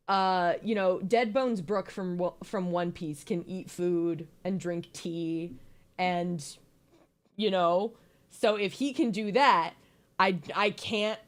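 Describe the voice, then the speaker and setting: A young woman giving a casual, joking slideshow presentation, playful and giggly with lots of ums. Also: medium pitch.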